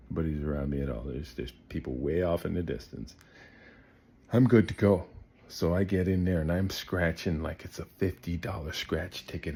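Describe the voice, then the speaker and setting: A man telling a comic story to the camera, swinging between loud bursts and hushed asides. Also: sits low, vocal fry, slightly rough.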